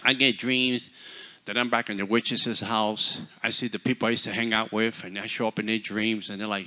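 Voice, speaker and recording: A man preaching a sermon, telling stories in a lively, joking, conversational way. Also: lowish voice, moderate pace. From New York. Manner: animated, humorous, conversational preaching. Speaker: guest preacher. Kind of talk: storytelling sermon.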